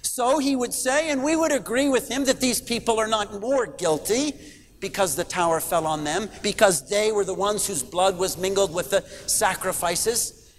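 A middle-aged man delivers a sermon, earnest and emphatic, leaning on rhetorical questions. His voice sits high for a man. The church hall gives a long reverb, with faint hiss underneath. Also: moderate pace. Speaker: pastor.

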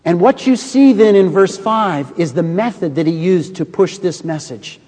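A man preaching a sermon from a pulpit. He tells stories dramatically, swinging from hushed lows to booming highs. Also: moderate pace. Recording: long reverb of a large hall.

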